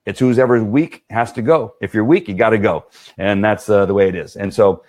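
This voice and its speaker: A man's voice: on the low side, brisk, darkish tone. A man who trains dogs, talking earnestly to viewers on a live stream, with many fillers and restarts. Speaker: dog trainer.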